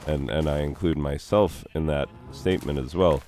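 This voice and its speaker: A man's voice: a bass voice, moderate pace, a little mellow. A man, a teacher, musing reflectively in a casual monologue while struggling with grief. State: emotional, grieving.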